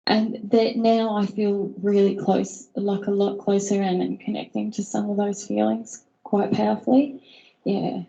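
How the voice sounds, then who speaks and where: A woman in a workshop group sharing her feelings hesitantly, with many pauses and ums. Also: mid-range voice, level tone, vocal fry, mellow, highs cut off. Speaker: workshop participant.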